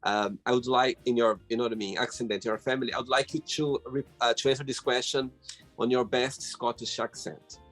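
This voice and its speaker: Halting male interview host from the UK. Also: mid-range voice, steady tone, a bit bright, soft background music. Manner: halting, friendly questions with restarts. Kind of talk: casual interview.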